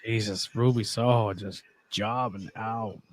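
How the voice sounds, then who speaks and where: A man's voice: on the low side, fairly even intonation, a little slow, a little hiss or hum. A man co-hosting a podcast, teasing sarcastically in casual chat. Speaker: podcast co-host.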